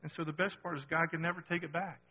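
A high-voiced man preaching with animated, conversational energy, tossing rhetorical questions to his listeners. The sound is dull and lo-fi. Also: fast talker, slight background noise. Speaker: pastor. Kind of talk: sermon.

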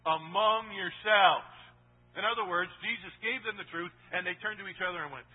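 A man preaching a sermon, dropping to a hush and then building up to emphatic points. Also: high voice, fast, breathy edge. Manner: preaching, swings from hushed to emphatic. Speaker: pastor. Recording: phone-like line with long reverb.

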